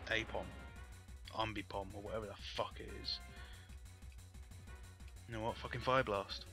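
A man's voice: lowish voice, level tone, moderate pace, music in the background. A man giving frustrated live gameplay commentary, swearing often and breaking into angry outbursts. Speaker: gaming YouTuber.

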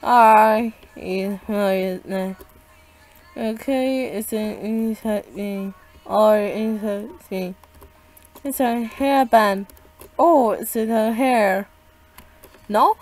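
A woman's voice: medium pitch, extremely slow, pauses often. A woman giving live gameplay commentary as a channel host, often bursting into panicked, repeated exclamations. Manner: excitable, frequent panicked exclaiming and repeated cries.

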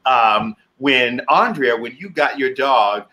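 A man hosts a casual online chat show, chatting enthusiastically and reading viewer comments aloud. His mid-range voice is pushed and bright, with lively intonation and a slow delivery.

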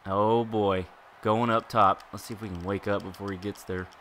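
A man giving excitable live commentary while playing a wrestling video game, groaning and exclaiming at each turn. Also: lowish voice, normal speed, a little hiss or hum. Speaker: gaming YouTuber.

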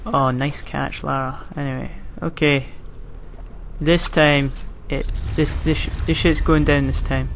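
A young man talks through a video game in a fairly high voice. He mocks himself, cracks sarcastic jokes and swears when a jump goes wrong. A faint hum of noise sits under his voice. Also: fairly even intonation, measured pace, gravelly, a bit bright. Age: young adult. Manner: self-mocking, sarcastic, swears when frustrated. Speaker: gaming commentator. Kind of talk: casual gameplay commentary.

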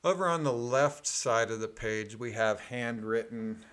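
A man reading court filings aloud in a methodical, deliberate way, adding plain spoken asides. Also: medium pitch, a bit bright, clean tone.

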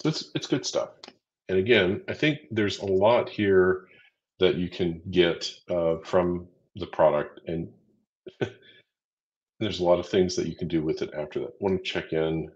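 An upbeat, chatty man co-hosts a live training stream, counting down quiz answers and cheering viewers on. His voice sits on the low side. The audio is dull and lo-fi. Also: a little slow, a little mellow. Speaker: livestream co-host running a quiz. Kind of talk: casual livestream teaching.

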